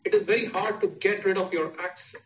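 A man's voice: high-pitched, steady tone, brisk. A man with an Indian English accent preaching a sermon, stressing his points through repeated parallel phrases. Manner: repetitive, emphatic preaching with listed parallel phrases. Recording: echoey, distant, dull sound.

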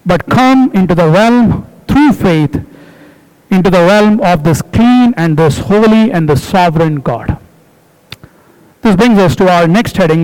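High-voiced man preaching a sermon. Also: a little mellow, low-quality recording. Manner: emphatic, repetitive exhortation, explains words.

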